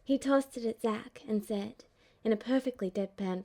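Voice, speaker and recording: A woman narrating a fan-fiction audiobook in a measured, even storytelling manner. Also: on the high side. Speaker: audiobook reader.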